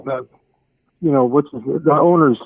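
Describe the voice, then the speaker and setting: A man's voice: on the high side, normal speed, no echo. Older man calling in over a tinny phone. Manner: chatty, blunt, apologizes for cursing. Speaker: caller. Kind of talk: casual sports chat. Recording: tinny, dry phone line.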